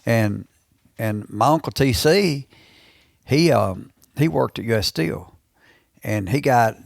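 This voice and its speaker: A man's voice: medium pitch, animated, takes it slowly, gravelly, no room sound, clean studio sound. A man in his sixties with an Alabama Southern accent, telling stories as an interview guest, rambling and often repeating and restarting his phrases. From Alabama, USA. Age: 60s. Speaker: guest, veteran turkey hunter. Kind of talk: casual storytelling in a podcast interview.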